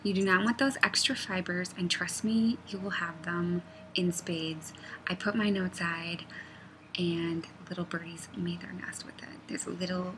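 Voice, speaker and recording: A woman's voice: fairly low pitch, fairly even intonation, unhurried, background noise. A woman knitting designer chatting casually, rambling off on tangents and often dropping to a near-whisper. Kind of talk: casual vlog chat.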